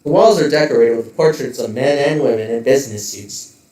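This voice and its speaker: A man running a tabletop game, walking through scenes in vivid detail and tossing in joking asides. He speaks at a middle pitch. The recording sounds roomy, with the mic a little distant. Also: a little fast, mellow. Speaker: game master.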